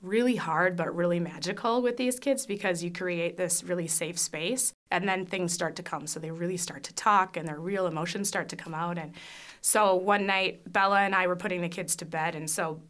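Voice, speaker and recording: A woman's voice: on the low side, fairly even intonation, normal speed, fairly bright tone. Woman sharing a heartfelt foster-care testimony. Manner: candid, emotional, with frequent fillers and restarts. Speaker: foster parent. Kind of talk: personal faith testimony.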